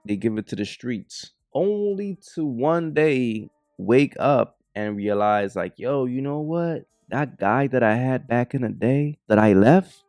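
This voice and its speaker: A man's voice: medium pitch, warm tone, dry recording, clean studio sound. A man reacting to video clips, preaching bluntly to the fellas. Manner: preachy, addresses the fellas directly. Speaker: reaction commentator. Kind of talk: commentary on clips.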